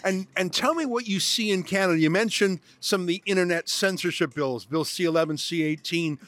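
A man in his fifties hosts interviews at a conference. His voice sits fairly high, and he talks briskly with strong emphasis. The recording is dry and close. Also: fairly bright tone, dry recording. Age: 50s. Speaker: host.

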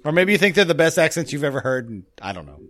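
A man's voice: fairly high pitch, fairly bright tone. A man hosting a casual podcast chat, rambling and often cutting himself off. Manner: rambling, self-interrupting. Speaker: podcast host.

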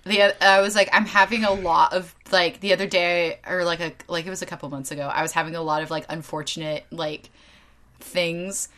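A woman's voice: fairly low pitch, steady tone, brisk, fairly bright tone. A woman co-hosting a podcast, telling a story in a rambling, self-interrupting way. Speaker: podcast co-host. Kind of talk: casual chat.

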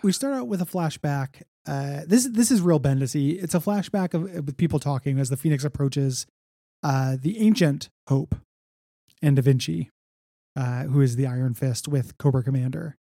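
A man's voice: fairly high pitch, moderate pace, gravelly, dark tone, dry recording. A man co-hosting a comic book podcast, recapping issues in a wry, rambling casual chat with dry jokes.

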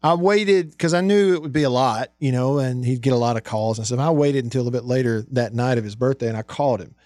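A man's voice: mid-range voice, fast talker, darkish tone, no room sound, studio quality. A man co-hosting a sports radio show, chatting casually, laughing often and telling stories. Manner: laughing, storytelling. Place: radio studio.

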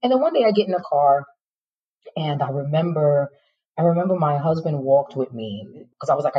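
A woman's voice: deep voice, very animated, normal speed, warm tone, husky, muffled recording. A middle-aged woman, a former teacher, frankly telling her personal story in an interview, with emotion and occasional laughter.

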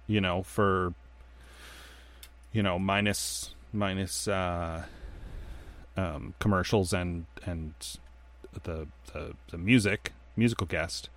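A man co-hosting a casual podcast, telling stories in a rambling, animated way with lots of fillers. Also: low voice, slow, pauses often. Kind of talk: casual chat.

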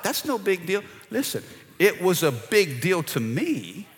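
A middle-aged male pastor preaches with a bright, lively voice that swings up and down, calling out to his congregation. His voice carries a long reverb from a large church hall. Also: a little high. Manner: energetic, calls out to the congregation. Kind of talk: sermon. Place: church sanctuary.

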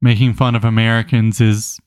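A man co-hosting a casual book club podcast, an animated storyteller who reads passages aloud with emphasis. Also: on the low side, moderate pace, clear, resonant tone, no room sound, studio quality. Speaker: podcast co-host.

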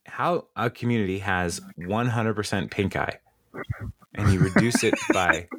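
This man speaks a little slowly in a low-leaning voice while co-hosting a podcast. He recaps a TV episode in casual, rambling chat, laughing frequently and filling gaps with ums and uhs. There's no room sound.

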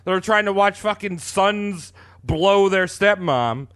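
A man's voice: high voice, slow pace, fairly bright tone, clean tone. A man joking around as a podcast co-host, rambling and crude and full of fillers. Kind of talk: casual banter.

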